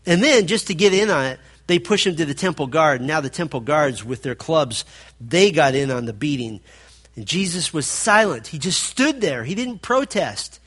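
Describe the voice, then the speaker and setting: A man preaching a sermon, swinging between loud emphatic passages and hushed, low stretches as he retells a scripture story. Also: animated, normal speed, husky.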